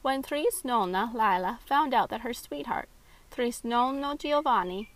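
A woman voicing a kindly middle-aged restaurant owner, telling his family story calmly. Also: a little high, unhurried, low-quality recording.

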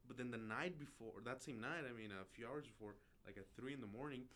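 A young man chatting with a friend, his story rambling and peppered with fillers and curses. His voice sits at an ordinary pitch. A faint room hiss hangs behind him. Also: quick pace, a bit bright. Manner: rambling, profane, many fillers. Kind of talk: casual chat between friends.

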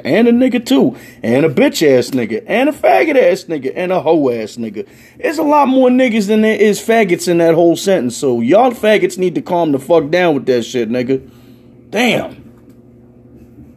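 A young man, delivering a loud, profane rant in a casual stand-up style. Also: on the high side, slightly rough. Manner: loud, swearing, ranting, animated. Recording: faint background noise.

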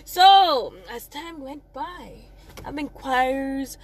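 A young woman from Jamaica with a Jamaican accent, telling a personal story in a rambling, animated way, often correcting herself and laughing at herself. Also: high voice, drawn-out words.

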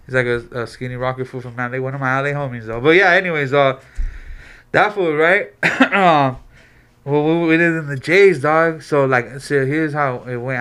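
Bright-voiced man telling a slangy story. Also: mid-range voice, clean tone. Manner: animated slangy storyteller, acts out quotes. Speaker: podcast co-host. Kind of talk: casual storytelling chat.

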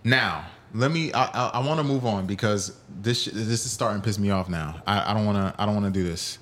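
A man's voice: fairly low pitch, brisk, fairly bright tone. A man hosting a solo podcast on fighting sports, reading chat and ranting in a heated, profane way. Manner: heated, profane ranting, voice rising when upset. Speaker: podcast host. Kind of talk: solo MMA podcast, reacting to chat and clips.

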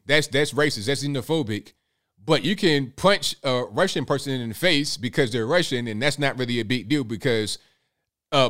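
A man giving casual political commentary, animated and sarcastic, with mocking asides and frequent repeated words. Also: mid-range voice.

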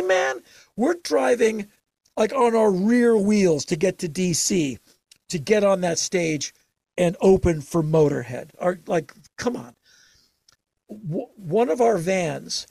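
An older man spinning stories in a relaxed interview, his voice gravelly and somewhat husky. He tells them emphatically, jumping into sudden animated bursts. The sound is close and dry, with no room around it. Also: high voice, slow, no echo. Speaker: interview guest. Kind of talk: casual storytelling interview.

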